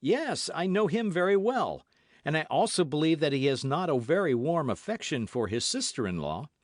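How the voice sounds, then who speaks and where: A man voicing an eager young musketeer in an audiobook, speaking in quick, excited bursts. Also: on the high side, dry recording, studio quality. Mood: knowing.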